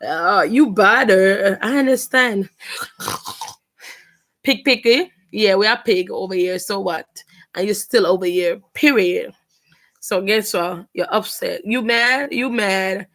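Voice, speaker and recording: A woman's voice: medium pitch, slow pace, fairly bright tone. A woman, taunting her viewers in a casual vlog chat. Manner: taunting, repetitive, sassy. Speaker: vlogger reacting to videos.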